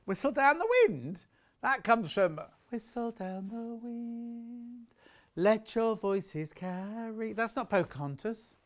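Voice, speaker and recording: A man's voice: fairly high pitch, clean tone. A man presenting fabrics on a live shopping channel, chatty and jokey as he teases the crew.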